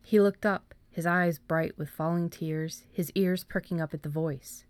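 A woman, an author, reading her own story aloud in a measured way and then chatting about it with hesitant fillers. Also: lowish voice, fairly even intonation, no echo. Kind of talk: storybook narration, then casual chat.

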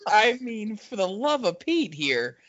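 A man co-hosting a casual podcast, talking in an animated, exclaiming, exasperated way. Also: sits high, a little slow. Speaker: podcast co-host. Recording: dull lo-fi audio.

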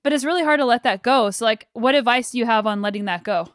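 Woman host, chatty, says like a lot, fairly high voice, dry sound. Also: fast, no room sound. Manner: chatty, many "like" fillers. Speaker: podcast host. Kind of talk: casual interview chat.

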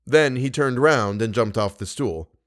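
A man narrating a classic novel in a steady, even storytelling manner. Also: medium pitch, unhurried. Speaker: audiobook narrator. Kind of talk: scripted narration.

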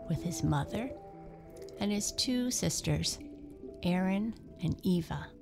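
A woman reading a bedtime story in a slow, soothing way. Her voice sits low with a gravelly fry, and she takes her time over every line.

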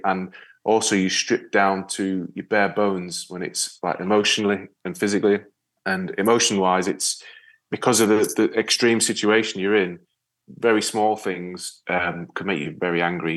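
A man talking as an interview guest in a reflective, halting way, often restarting his sentences. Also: sits low. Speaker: podcast guest. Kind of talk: casual interview chat.

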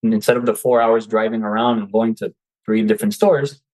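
A man's voice: fairly low pitch, steady tone, fairly quick, darkish tone, poor audio. A man who is a guest coach on an interview show, speaking in casual chat and acting out his own quoted reactions. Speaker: guest, seller turned coach.

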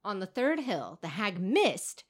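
Lively, playful woman podcast co-host. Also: medium pitch, unhurried. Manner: playful, giggly, tells stories with put-on voices. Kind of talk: casual comedic chat and storytelling.

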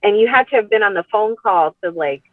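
A middle-aged woman shares a painful memory as a podcast guest. She talks earnestly and haltingly, doubles back on her words, and laughs nervously in places. Her voice comes through a tinny phone-line call, dry, with no room sound around it. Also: medium pitch, animated, no room sound. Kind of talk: personal storytelling in conversation. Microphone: remote call.

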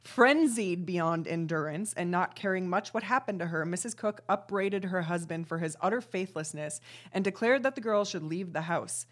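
A woman's voice: on the low side, normal speed, hardly any pauses. A woman co-hosting a true-crime chat, reading old articles aloud with dry, sarcastic asides. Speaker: podcast co-host.

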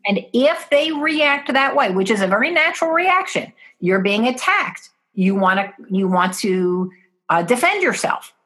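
A woman's voice: a little high, very animated, a little slow, fairly bright tone. A woman guest in an interview, earnestly explaining parenting steps and acting out what parents and children say.

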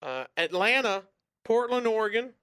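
A man's voice: high-pitched, lively intonation, moderate pace, bright, forceful tone, clear, resonant tone. A man co-hosting a radio show, chatting casually and joking around, often breaking into silly voices. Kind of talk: casual comedic chat.

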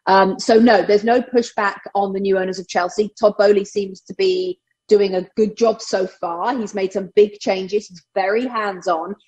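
A woman's voice: medium pitch, low-quality recording. A middle-aged woman with an English accent, chatting casually and animatedly as a guest on a sports radio show. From England. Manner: animated, laughs often.

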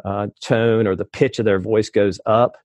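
A man's voice: fairly low pitch, steady tone, a little mellow, no echo. Rambling chatty man, dry close sound. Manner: rambling, many restarts and fillers, quick to laugh. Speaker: podcast guest. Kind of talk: casual conversation.

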